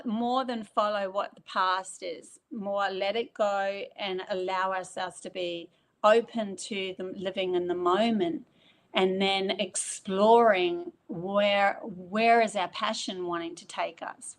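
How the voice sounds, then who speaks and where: Aussie woman guest, chatty spiritual storytelling, voice jumps way up when she quotes people, mid-pitched. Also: slow pace. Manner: animated, acts out quoted remarks with big pitch jumps.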